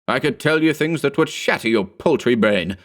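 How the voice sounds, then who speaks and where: Guy putting on a high cackly old-timey sorcerer, ranting and sneering at everyone. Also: animated, normal speed, close to an everyday voice. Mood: raving scornful. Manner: ranting, contemptuous. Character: ageless male sorcerer, raving and scornful.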